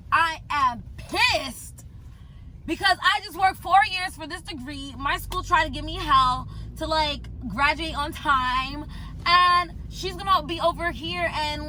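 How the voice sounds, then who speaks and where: A young woman tells a storytime vlog, her voice high and bright. She talks in an animated, slangy way and repeats lines for emphasis. A faint hum sits behind her. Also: rough recording. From United States. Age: young adult. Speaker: vlogger.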